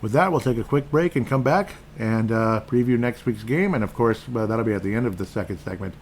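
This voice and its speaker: A man with a fairly low voice hosts a solo podcast from his desk. He rambles through scores as he reads them aloud and drops dry, sarcastic remarks along the way. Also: brisk, a little hiss or hum. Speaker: podcast host. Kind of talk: casual solo sports talk. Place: indoors at a desk in front of a screen.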